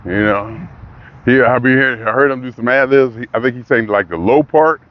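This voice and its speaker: An older man, rambling in a casual monologue that builds into excitement. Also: mid-range voice, a little fast, dry recording, lo-fi sound. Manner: rambling, talks himself into excitement. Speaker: vlogger.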